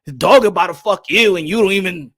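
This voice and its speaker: A man telling casual stories on a boxing podcast, animated and profane, laughing often. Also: sits high, quick pace. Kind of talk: casual storytelling chat.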